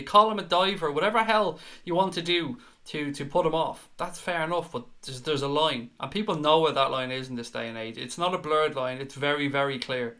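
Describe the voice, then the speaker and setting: A man's voice: on the high side, brisk, sharp tone. A man with an Irish accent hosting a live fan chat stream, reading out viewer comments in an earnest, chatty way and repeating words when he gets worked up. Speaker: fan show host.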